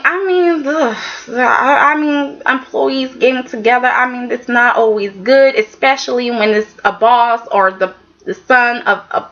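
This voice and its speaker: A woman with a fairly high, bright and forceful voice talks casually and animatedly through an episode review, sprinkling in filler words and reactions. The recording sounds dull and lo-fi. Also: measured pace. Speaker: soap opera episode reviewer.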